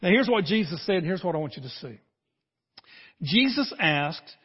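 An older man preaching a sermon as a pastor, telling the story in an animated way and acting out the voices in it. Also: sits high, moderate pace, long pauses, slightly rough, long reverb tail, lo-fi sound.

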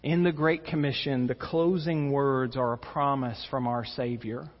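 A man preaching a sermon as pastor, earnest, swelling with emphasis and falling to soft, intense moments. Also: medium pitch, moderate pace. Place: church sanctuary. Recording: dull reverberant church recording.

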